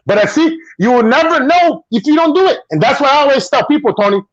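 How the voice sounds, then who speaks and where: Brazilian-accented man, casual guest, animated storyteller, high bouncy voice, dry slightly dull sound. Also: fast talker, no room sound. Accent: Brazilian Portuguese. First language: Portuguese. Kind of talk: casual chat on a video call.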